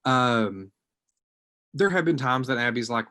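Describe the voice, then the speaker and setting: Speaking at an ordinary pace with a medium pitch, a man on a social work student panel offers personal testimony during an online discussion. His manner is hesitant and thoughtful, with sentences that often drift off softly.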